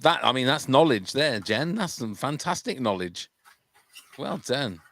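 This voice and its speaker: A man's voice: medium pitch, sing-song, measured pace, fairly bright tone. A man hosting a charity podcast livestream in casual, jokey chat, often tripping over his words. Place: home room during a livestream.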